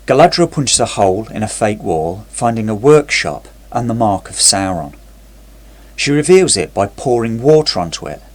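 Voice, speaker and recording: Sarcastic man reviewing a TV series. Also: mid-range voice. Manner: sarcastic, critical. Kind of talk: scripted review narration.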